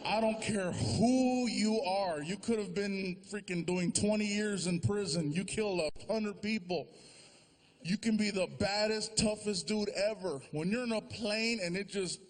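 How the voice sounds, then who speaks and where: High-voiced animated stand-up man. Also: measured pace. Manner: animated storyteller acting out voices. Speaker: stand-up comedian. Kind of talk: stand-up comedy storytelling. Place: large theater before a live audience. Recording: live show with loud crowd noise.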